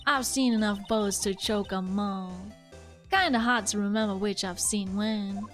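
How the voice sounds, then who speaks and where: A woman's voice: mid-range voice, unhurried, soft background music, close to an everyday voice. A woman voicing a brash, boastful Southern woman photographer, reading game dialogue aloud in a put-on Southern accent. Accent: put-on American Southern. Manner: drawling, boastful.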